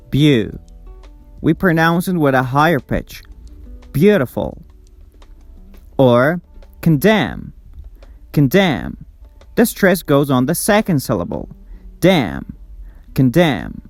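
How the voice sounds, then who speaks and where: A man's voice: a little high, dry recording. A man with a Persian accent teaching English pronunciation, repeating words and stressing syllables carefully. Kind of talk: slow, deliberate online lesson.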